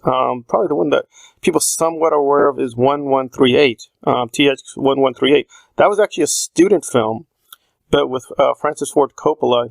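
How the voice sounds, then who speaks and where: Gravelly-voiced man musing on film. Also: medium pitch, dry recording. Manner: thinking aloud with fillers and restarts. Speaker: video essayist. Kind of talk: casual spoken film analysis.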